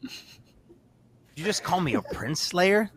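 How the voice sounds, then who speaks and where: A man's voice: sits high, very animated, a bit bright, slight background noise, voice pushed up, exaggerated voice. A man voicing a touchy male warrior hero who talks curtly and irritably. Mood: prickly. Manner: curt, irritable, drawn-out emphasis.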